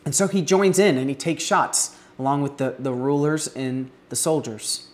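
An earnest male preacher working through a passage in a sermon. He leans hard into key words, and his voice lifts and falls between stresses. He sometimes halts and restarts a phrase. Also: medium pitch. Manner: earnest, rising emphasis on key words with some halting restarts. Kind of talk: expository sermon.

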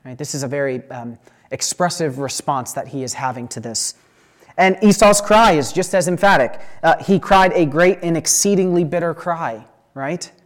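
A man reading a scripture passage aloud and then explaining it in a relaxed, conversational teaching style, often checking in with his listeners. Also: on the high side, normal speed. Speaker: Bible teacher.

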